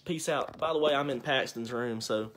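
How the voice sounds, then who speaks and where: A male pastor speaks from a child's bedroom at home in a livestreamed devotional. He exhorts his listeners earnestly, laying out his points in numbered lists. When he prays, he piles up long, fervent lists. His pitch sits in the middle range for a man. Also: moderate pace, fairly bright tone.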